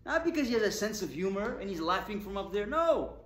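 A man's voice: high voice, very animated, fast, a bit bright. A male rabbi giving a Torah talk, firing rhetorical questions at his audience with emphasis. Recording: echoey room with faint ambience.

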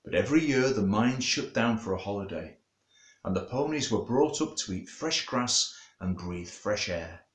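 A man's voice: lowish voice, normal speed, husky. A male storyteller and author telling a children's story and reading a bedtime book in a playful way. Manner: lively, playful, talks straight to children.

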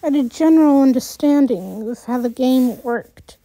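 A woman's voice: high-pitched, normal speed, dark tone, dry recording. A woman reading a first-person story aloud, with restarts and little asides. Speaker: story reader.

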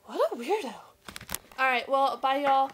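A woman's voice: high-pitched, expressive, a little slow, a bit bright, a little hiss or hum. A young woman, chatting playfully and breathlessly in her bedroom, giggling and teasing. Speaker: vlogger. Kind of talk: casual chat.

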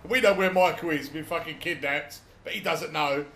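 A man's voice: on the high side, moderate pace, creaky, sharp tone, a little hiss or hum. A middle-aged British man giving a sweary, laughing running commentary while playing a video game. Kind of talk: casual let's-play commentary. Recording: echoey room.

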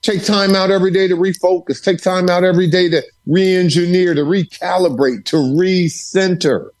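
A man's voice: high-pitched, steady tone, normal speed, darkish tone. Emphatic man with a preacher's repetition. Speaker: podcast guest, author. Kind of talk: storytelling interview. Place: home study.

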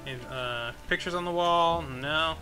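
Bright-voiced man commenting on a game. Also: a little high, normal speed, faint music behind. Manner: joking, thinks aloud. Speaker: let's play host. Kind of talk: casual gameplay commentary.

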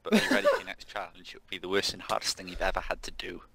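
A creepy, mocking narrator of a puzzle map taunts the players who enter, as a man reads it out over a gaming session. The voice sits very low and teasing. Noise hums clearly in the background. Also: very fast. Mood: taunting.

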